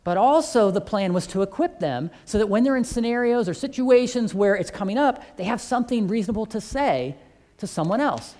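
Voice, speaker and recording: A man's voice: high voice, animated, fairly quick, darkish tone. A man who teaches a church faith course, telling a testimony story and acting out both sides of the conversations.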